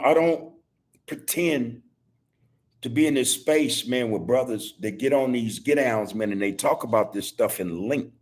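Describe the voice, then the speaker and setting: A man hosting a podcast, preaching to his listeners in a loose, casual monologue. His voice is husky and sits at an ordinary middle pitch. He repeats his points over and over and drops slang like "man" and "homie" between phrases. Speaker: podcast host. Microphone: video call.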